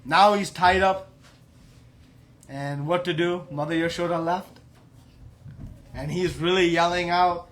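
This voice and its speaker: A man's voice: high-pitched, fairly even intonation, takes it slowly, pauses often, fairly bright tone. A man giving a devotional class, telling a story with emphatic rhetorical questions. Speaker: preacher.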